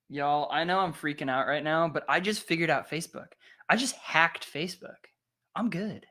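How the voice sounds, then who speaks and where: A young man hosting a worship livestream in casual chat, excitable and thinking aloud with plenty of fillers. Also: a little high, normal speed.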